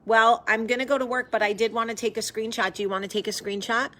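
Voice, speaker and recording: A woman's voice: on the high side, steady tone, quick pace, noisy background. A woman from the hosting a casual live video chat with viewers, effusive and chatty. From American South. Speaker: host.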